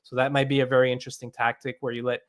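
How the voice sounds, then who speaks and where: A man's voice: medium pitch, little pitch movement, very fast. A man, a game founder, explaining his game in a live interview, with many fillers and restarts. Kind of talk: interview answers.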